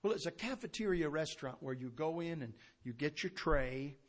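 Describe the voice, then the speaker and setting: A man preaching a sermon with fervor, swinging from loud to hushed. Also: a little high, expressive, moderate pace.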